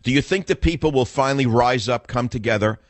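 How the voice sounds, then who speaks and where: A man's voice: mid-range voice, fairly quick, dry recording. An older man hosting a radio talk show, talking in a combative, sarcastic, rambling way.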